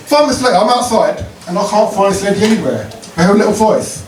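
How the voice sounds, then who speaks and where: A cheeky stand-up comedian, his voice riding high and swinging widely as he works the crowd. The sound is roomy and a little distant, like a club stage recording with plenty of noise around him. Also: very animated, quick pace, hardly any pauses. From Croydon, South London. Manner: cheeky, punchy, leads call-and-response. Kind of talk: stand-up routine with crowd work.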